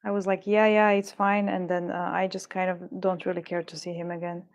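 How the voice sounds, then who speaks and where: A woman's voice: fairly low pitch, little pitch movement, brisk, darkish tone, highs cut off. A woman streaming live while she works on beadwork, muttering and rambling in frustration and swearing now and then. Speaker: livestreamer making beadwork. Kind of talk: casual livestream chat while crafting.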